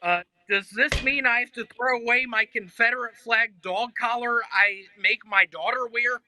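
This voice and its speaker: A man doing a stand-up set, delivering deadpan one-liners with hesitant fillers between jokes. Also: very high-pitched, moderate pace, a little hiss or hum, rough recording. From Memphis, Tennessee. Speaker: stand-up comedian.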